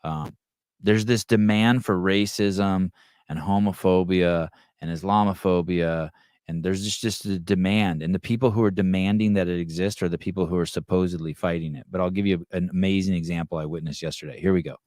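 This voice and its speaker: A man's voice: sits low, fairly even intonation, brisk, a little mellow, dry recording, clean studio sound. Blunt, profane podcast host man. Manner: blunt, profane, restarts sentences, tells anecdotes. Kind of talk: casual live call-in chat.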